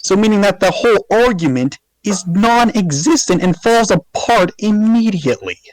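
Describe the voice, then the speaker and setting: A man's voice: sits high, animated, moderate pace, low-quality recording. A man on a casual podcast, making his point emphatically and sarcastically, swearing freely.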